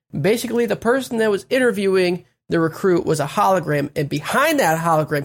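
A man's voice: high-pitched, vocal fry. A man casually recapping an anime episode for friends, laid-back and wry. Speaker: podcast co-host recapping an anime.

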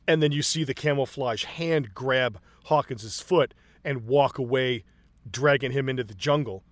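A man's voice: medium pitch, measured pace, no echo. A man casually and profanely retelling movie scenes, acting out the characters' lines.

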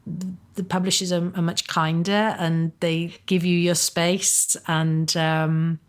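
A woman in her fifties chats about her life as an interview guest. Her voice sits a little low, and she talks in a halting, self-deprecating way. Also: flat delivery, smooth. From Wales. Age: 50s. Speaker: author and actor, guest. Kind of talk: casual interview chat.

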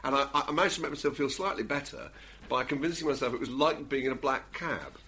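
A man's voice: medium pitch, fast. A man hosting a podcast, chatting and telling stories with lots of laughter. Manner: animated storyteller, laughs often. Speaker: podcast host. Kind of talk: casual chat.

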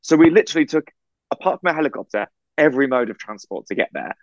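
A man from England, co-hosting a podcast, telling a story in a casual, animated way over a video call. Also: fairly high pitch, quick pace, dry recording, lo-fi sound. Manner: animated storyteller, acts out quoted voices. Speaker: podcast co-host.

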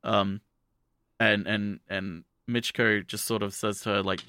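A man's voice: fairly low pitch, steady tone, measured pace, bright, forceful tone, clear, resonant tone, no room sound, studio quality. A man casually recapping an anime episode as a podcast co-host, rambling with many restarts and fillers. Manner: quotes characters in offhand voices.

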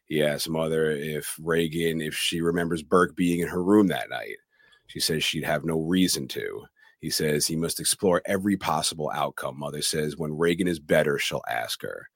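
A man's voice: extremely low pitch, moderate pace, creaky, dry recording, studio quality. A man co-hosting a podcast, recapping a horror film scene by scene in a casual way. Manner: retells scenes plainly, acts out quoted lines. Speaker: podcast co-host.

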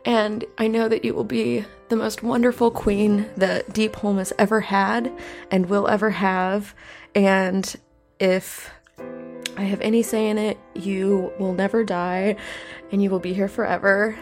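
A woman voicing a devoted young woman saying goodbye to her love, slow and halting, with a gravelly edge in her higher voice. Soft music drifts behind. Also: level tone, natural voice. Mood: loving, tearful. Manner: slow, halting, emotional confession. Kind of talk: in-character speech in a tabletop game.

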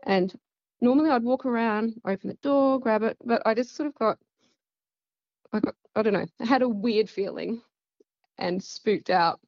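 A woman's voice: on the high side, normal speed, long pauses, no echo, lo-fi sound. A woman with an Australian accent, telling a personal story in a casual, rambling way full of fillers. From central west Queensland, Australia. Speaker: guest.

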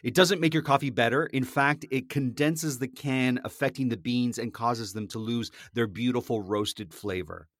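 A man in casual podcast chat, blunt and animated, with the odd swear. His voice sits mid-range. The sound is dry and close, with no room echo. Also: mid-range voice, moderate pace, few pauses. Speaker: podcast co-host.

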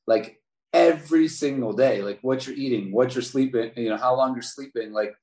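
A man in his forties from Baltimore tells his story as a podcast guest. He speaks at a middle pitch, energetic and quick to repeat himself. His voice carries a noticeable room echo. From Baltimore, USA. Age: 40s. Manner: animated storyteller, repeats words. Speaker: podcast guest, former basketball player. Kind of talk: interview storytelling. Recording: roomy echo.

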